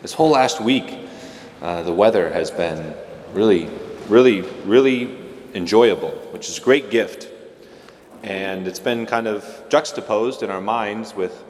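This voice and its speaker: Casual homily from a low-voiced man. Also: measured pace, darkish tone, big-room sound, a little hiss or hum. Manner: conversational, joking asides with playful mimicry. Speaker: priest.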